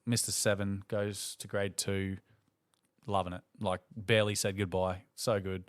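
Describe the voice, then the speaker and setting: A man's voice: deep voice, measured pace. An Australian man in his thirties, hosting a casual podcast and telling funny stories, acting out the voices of the people in them. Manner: animated storyteller, acts out voices. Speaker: podcast host. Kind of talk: casual chat.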